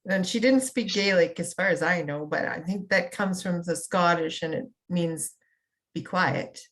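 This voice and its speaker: A woman's voice: on the low side, moderate pace, a little hiss or hum. A woman taking part in a group discussion, sharing a family memory cheerfully with giggles. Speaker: discussion participant.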